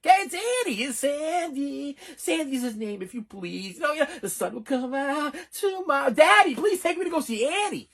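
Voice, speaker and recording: A man putting on the high, pleading voice of his excited little-boy self begging his father. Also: fairly quick, few pauses, heavily acted. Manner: pleading, squealing.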